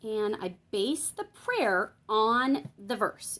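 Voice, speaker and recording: A woman's voice: a little high, big pitch swings, drawn-out words, hardly any pauses, fairly bright tone. A woman giving a casual tutorial on Bible journaling, chatting and thinking aloud while she works, explaining each step and checking in with her viewers.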